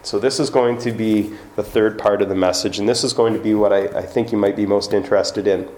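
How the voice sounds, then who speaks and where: A man's voice: fairly low pitch, fairly even intonation, a little fast, darkish tone. A man giving a conversational sermon as pastor, now and then acting out quoted voices. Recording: echoey room with faint ambience.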